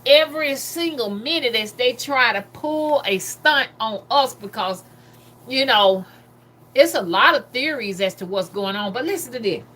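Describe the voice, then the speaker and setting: A woman's voice: on the high side, animated, measured pace, sharp tone. A woman hosting a casual livestream, reading viewer comments aloud in a loose, talkative manner. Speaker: livestream host.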